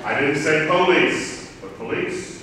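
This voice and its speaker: A man's voice: mid-range voice, measured pace, noisy background. A man from Southern Maryland preaching a sermon, telling a personal story in a wry, reflective way. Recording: echoey hall, picked up from far off.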